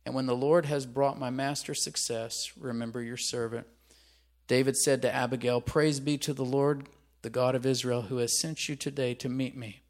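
Man, preacher, animated sermon, reads scripture and asks listeners to repeat lines. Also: mid-range voice, normal speed. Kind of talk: sermon reading and commenting on scripture.

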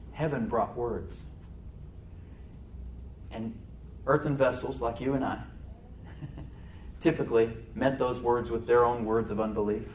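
A male pastor preaching a sermon in church, animated, slowing down to stress words and acting out the voices he quotes. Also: medium pitch, slight background noise. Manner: animated preaching, slows for emphasis, acts out quoted voices and laughs.

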